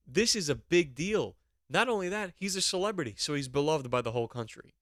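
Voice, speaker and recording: A man hosting a podcast, going on an animated, mock-outraged comedic rant with plenty of swearing. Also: on the high side, brisk, no echo, clean studio sound. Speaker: podcast host.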